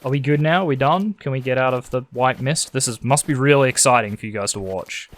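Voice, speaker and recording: An Australian game streamer with a medium-pitched voice speaks fairly quickly, reading a story game's text aloud. Between lines he slips in sarcastic jokes.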